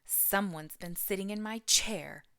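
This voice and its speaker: A big, gruff papa bear from a storybook roars his lines loudly in a gravelly voice, as a woman reads him aloud. The delivery is slow and heavy, pushing each word out with force. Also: medium pitch, no room sound. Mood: indignant. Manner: roaring, growling.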